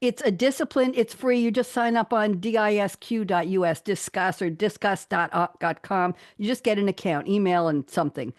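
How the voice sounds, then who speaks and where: A woman's voice: medium pitch, moderate pace, hardly any pauses, dry recording, clean studio sound. A woman guest on an interview show, chatting cheerfully, laughing often and reading her own poems aloud. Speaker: guest poet.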